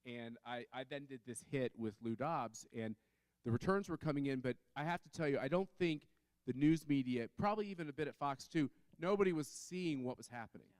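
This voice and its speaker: A man's voice: medium pitch, brisk, darkish tone, no room sound. Chatty man telling a story on a panel. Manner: chatty, many fillers and restarts. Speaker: panel speaker.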